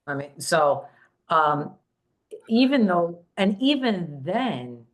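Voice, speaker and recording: A low-voiced woman hosts a spiritual talk show as a psychic medium. She speaks casually, halting often with fillers and restarts. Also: very animated. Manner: hesitant, many fillers and restarts.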